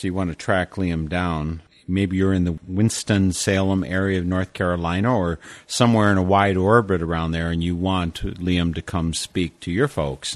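A man's voice: sits low, no room sound. A man hosting a radio interview, introducing his guest in a friendly, conversational manner. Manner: friendly, plugs guest's website. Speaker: radio host.

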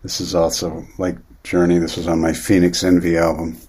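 A man in his fifties, a singer-songwriter guest, talking in a relaxed, quick way in an interview. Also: deep voice, breathy edge. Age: 50s. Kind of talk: casual interview.

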